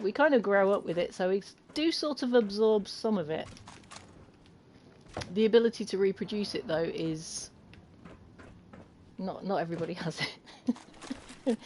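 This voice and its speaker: An excitable British woman talks through a game stream, cheering her shots and chatting with her viewers between bursts of laughter. Her voice sits at a middle pitch, and a faint background hum runs behind her at home. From United Kingdom. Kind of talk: casual gameplay commentary. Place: home, with a cat climbing on her.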